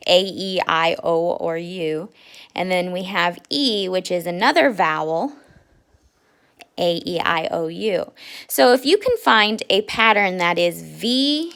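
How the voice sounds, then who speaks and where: A woman teaching young children, patient and sounding out words slowly. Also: medium pitch, gravelly, fairly bright tone. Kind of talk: children's lesson.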